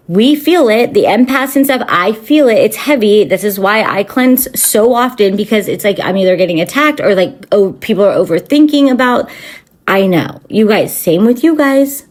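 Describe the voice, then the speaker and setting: With a medium pitch, a moderate pace, and lively intonation, a woman who hosts a spiritual channel rants into the camera. It's unscripted, rambling, and profane, packed with fillers and restarts.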